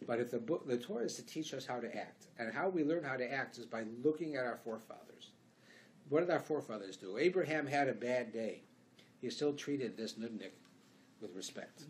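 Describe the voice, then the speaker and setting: A man's voice: mid-range voice, brisk. A man with a Canadian accent, a rabbi giving a conversational Torah class in a synagogue, telling stories and acting out bits of dialogue as he goes. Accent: Canadian English. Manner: conversational, animated storytelling with acted-out dialogue.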